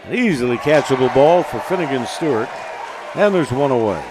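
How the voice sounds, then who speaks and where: A man calling a baseball game as play-by-play announcer, relaxed and chatty between pitches. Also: a little fast, crowd noise, background noise. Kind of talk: baseball radio commentary.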